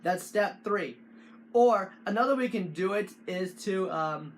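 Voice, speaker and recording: A man hosting a casual how-to video, talking in halting bursts with frequent restarts and fillers. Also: high-pitched, lively intonation, a little hiss or hum. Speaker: tutorial host.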